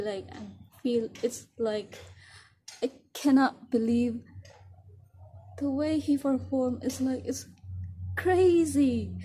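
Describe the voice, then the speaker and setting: A young woman hosting a reaction video, gushing emotionally in halting, full of "like"s. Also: sits high, dark tone, slight background noise. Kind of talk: casual reaction commentary.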